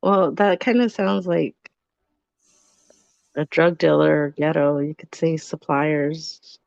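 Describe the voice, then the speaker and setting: Gravelly-voiced woman co-hosting a podcast. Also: deep voice, slow pace, no room sound, highs cut off. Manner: chatty, animated storytelling with lots of fillers. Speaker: podcast co-host. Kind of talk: casual live podcast chat.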